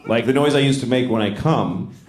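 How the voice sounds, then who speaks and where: A middle-aged male stand-up comedian telling stories in a deadpan, self-deprecating way and acting out voices. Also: mid-range voice, a little fast. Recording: echoey live club recording with noise.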